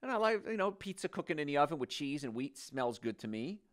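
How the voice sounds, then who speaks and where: An older man hosting a health talk show, telling stories in an animated, joking, folksy way. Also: fairly high pitch, fast talker.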